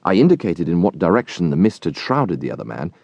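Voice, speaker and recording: A man narrating a classic novel as an audiobook, in an expressive storytelling manner. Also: deep voice, quick pace, creaky, no echo, lo-fi sound.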